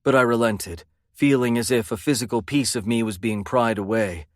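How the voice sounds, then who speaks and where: A man's voice: mid-range voice, moderate pace, no room sound, clean studio sound. A man narrating a first-person romance audiobook in an intense, brooding way.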